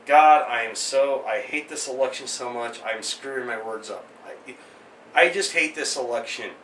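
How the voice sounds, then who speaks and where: A man's voice: mid-range voice, moderate pace, echoey room, recorded from a distance, poor audio. A man in his thirties hosting a weekly rant, sarcastic and exasperated, with joking asides. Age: 30s. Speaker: vlog host. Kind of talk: ranting commentary.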